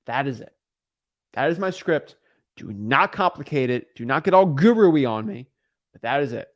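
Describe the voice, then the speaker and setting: A man's voice: medium pitch, animated, normal speed. A young man coaching on a live stream, emphatic and repetitive, driving his points home. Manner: emphatic, repetitive, acts out callers' voices. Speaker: real estate wholesaling coach. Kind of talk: energetic live-stream teaching.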